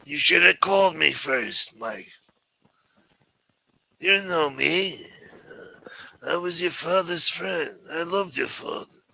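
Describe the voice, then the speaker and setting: A rambling, sentimental mob elder, as a man puts him on, pleading in a raised, bright voice. He wanders from point to point, full of old-world nostalgia. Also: expressive, takes it slowly, vocal fry, pauses often, exaggerated voice, rough recording. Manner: higher-pitched, rambling and wheedling.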